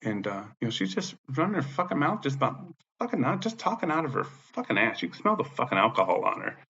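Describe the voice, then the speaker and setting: Gravelly lo-fi man ranting. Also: mid-range voice, wildly swooping pitch, quick pace, pushed and bright. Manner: profane, heated retelling. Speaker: veteran telling his story. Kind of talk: casual storytelling rant. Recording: lo-fi dull sound.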